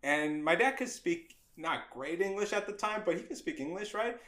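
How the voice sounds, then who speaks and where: Lively middle-aged man telling a story. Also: high-pitched, normal speed, reverberant. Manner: acts out quoted voices, laughs often, swears casually. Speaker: guest animator. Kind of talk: animated storytelling in a podcast interview.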